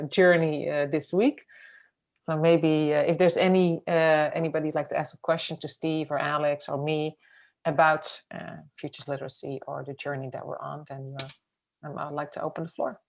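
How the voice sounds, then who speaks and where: A woman's voice: low voice, vocal fry. A woman speaking as a panelist, thoughtful and reflective, with many fillers. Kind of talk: panel discussion.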